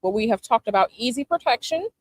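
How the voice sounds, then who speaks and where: A woman from Chicago hosts her tarot channel outdoors, chatting casually by a palm tree under passing planes. She talks quickly and animatedly in a slightly high voice, sassily and emphatically repeating her advice.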